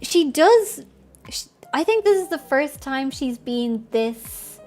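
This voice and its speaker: A woman streamer muses over the story of the game she is playing. She hesitates and searches for words, and her voice is very high. Faint game music plays in the background. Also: sing-song, slow pace, a little mellow. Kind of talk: live game commentary.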